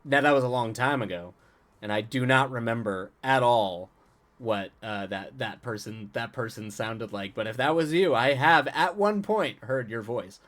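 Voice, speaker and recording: A man's voice: mid-range voice, a bit bright. Chatty man rambling on a live stream. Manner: rambling, halting, with frequent restarts and chuckles; answers chat directly, playful. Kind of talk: casual stream chat and reading a story aloud.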